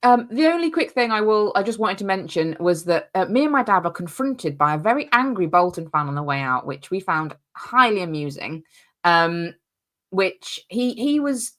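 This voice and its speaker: A woman's voice: fairly low pitch, sing-song, normal speed, fairly bright tone. A woman co-hosting a casual football fan podcast, telling stories with amusement. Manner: laughing, amused storytelling. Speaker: podcast co-host.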